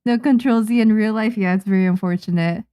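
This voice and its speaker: A young Japanese woman, a manga artist, chatting casually on a livestream while she draws, muttering and calming herself down. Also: mid-range voice, a little fast, clear, resonant tone. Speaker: manga artist streaming her drawing.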